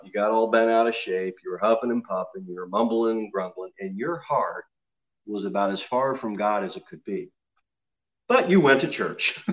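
A man's voice: mid-range voice, lo-fi sound. A man preaching a sermon to his congregation in an emphatic way, often asking them questions. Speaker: pastor.

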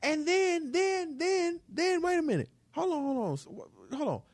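A man's voice: extremely high pitch, sing-song, moderate pace, darkish tone, no room sound. A man hosting a basketball talk show, ranting emphatically and repeating lines for effect, recorded close in a small room. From New York. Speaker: sports talk show host. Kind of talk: animated basketball commentary.

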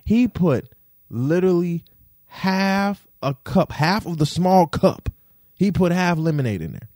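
A young man venting to the camera in a vlog, indignant and profane, repeating himself and swinging between low grumbles and sharp high outbursts. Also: very animated, unhurried, no room sound, studio quality. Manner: indignant, profane, repetitive rant with big pitch swings.

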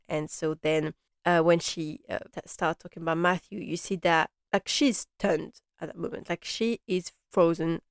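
A woman in her young adult years hosting a casual recap of a TV drama, chatty and rambling, gushing and animated. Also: lowish voice, creaky, clean tone, dry recording, studio quality. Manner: chatty and rambling, many "like" and "you know" fillers.

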